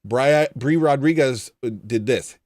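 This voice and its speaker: A man's voice: medium pitch, measured pace, a little mellow, no room sound. A man hosting a livestream, chatting casually and making dry, sardonic asides. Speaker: livestream host. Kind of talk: casual chat reading viewer comments.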